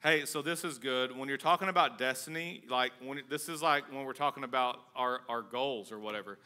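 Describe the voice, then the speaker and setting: Guy pastor preaching, super bright voice, jokey and pumped up, talks to the crowd like a friend. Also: mid-range voice, a little fast. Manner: casual, joking, energetic. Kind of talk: conversational sermon.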